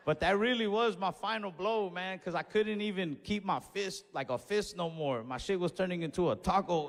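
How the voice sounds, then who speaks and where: A slightly high-voiced man telling a stand-up story, loose and profane, now and then shouting a line. His voice rings out with the long reverb of a big live room, and faint ambience sits behind him. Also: moderate pace, creaky, slight background noise. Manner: animated, with sudden shouted bursts; casual and profane. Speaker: stand-up comedian. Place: stage of a large venue, recorded live.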